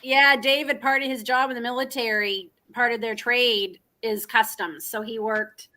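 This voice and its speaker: High bright woman chatting. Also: fairly even intonation, moderate pace. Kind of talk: casual chat.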